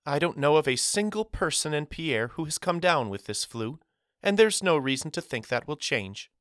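A man's voice: fairly high pitch, lively intonation, normal speed, fairly bright tone, dry recording, studio quality, pitched above the performer's own voice. A man voicing a woman schoolteacher who soothes a class in an overly sweet, chirpy tone that hides worry, in an audiobook. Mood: falsely sweet. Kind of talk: audiobook character voice.

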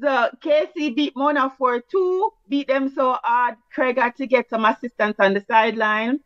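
A Jamaican woman rattles through results in brisk, teasing sports chat. Her voice sits a little high. The sound is dry and a bit muffled, like a lo-fi recording. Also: no room sound. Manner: brisk, teasing, patois-flavoured. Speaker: sports show co-host. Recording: dull lo-fi sound.

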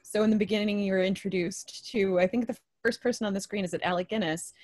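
A woman talking as a podcast guest, casually recounting a film with relaxed fillers. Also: medium pitch, fast talker, no room sound.

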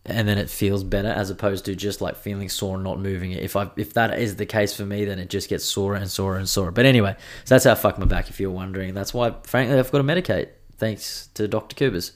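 A man's voice: lowish voice, steady tone, fast, hardly any pauses. A young man hosting a podcast, telling stories in a rambling, casual monologue full of swearing. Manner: rambling, profane storytelling. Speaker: podcast host.

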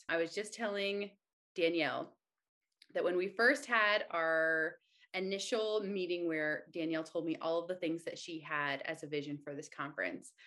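A woman co-hosting a podcast, excitable and quick, with a self-deprecating humor. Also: fairly low pitch. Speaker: podcast co-host. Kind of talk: casual podcast chat.

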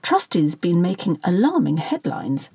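A woman reading the part of a practical, sharp-tongued middle-aged wife with a brisk manner. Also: on the low side, huge pitch swings, vocal fry, slightly rough, no room sound, full character voice.

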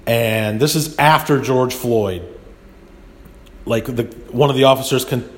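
A podcast host with a mid-range voice delivers a casual monologue at an unhurried pace. It rambles, sounds indignant, and is full of restarts.

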